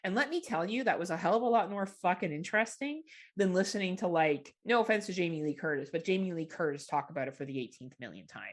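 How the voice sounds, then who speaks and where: A woman's voice: fairly low pitch, lively intonation, fast, hardly any pauses. A woman co-hosting a horror film podcast, chatting casually, teasing, swearing and laughing often. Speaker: podcast co-host. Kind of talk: casual chat.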